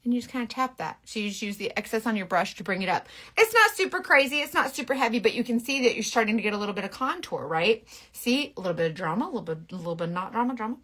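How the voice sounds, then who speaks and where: A bright-voiced woman with a twang talks through a makeup tutorial to camera. She is frank and bossy in a playful way, tossing in quick asides as she goes. Her voice sits a touch high. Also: lively intonation. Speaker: makeup influencer.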